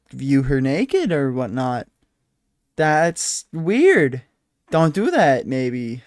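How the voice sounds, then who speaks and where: Sitting at a desk with a handheld microphone, a weary solo podcaster rambles through casual chat, self-deprecating and frequently saying sorry. His voice is on the high side, recorded dry at studio quality.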